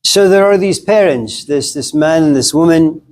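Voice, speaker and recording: A man's voice: a little high, moderate pace, darkish tone. A man giving a casual classroom lecture in a conversational, joking way, often speaking directly to his students.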